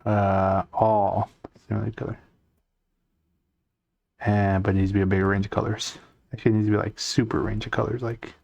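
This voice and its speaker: A young man talks loosely with his live-stream chat as he draws, rambling from one comment to the next. His voice sits low with a gravelly fry in it. The sound is dry and close, with no room around it. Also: a little mellow, no room sound, muffled recording. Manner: rambling, chatty, reads chat aloud and answers. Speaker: art streamer. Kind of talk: casual live-stream chat while drawing.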